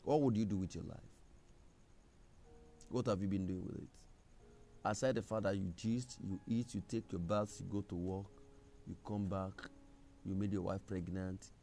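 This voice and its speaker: A man preaching a sermon, emphatic, with a gravelly voice. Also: on the low side. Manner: emphatic, rising to loud scripture reading.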